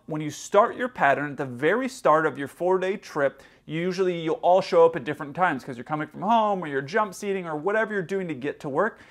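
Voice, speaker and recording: A middle-aged man with a fairly high voice tells work stories as an airline pilot. He talks loosely and casually, with restarts and quoted dialogue, like an easygoing vlog. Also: gravelly. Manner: relaxed, rambling, with frequent restarts and quoted dialogue.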